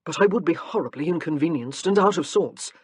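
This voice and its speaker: A woman's voice: deep voice, lively intonation, fairly quick, darkish tone, slightly rough, dry recording. Woman reading as a rueful protective young lord. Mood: wry. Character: stern protective young nobleman, rueful, dry humor. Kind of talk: audiobook character reading.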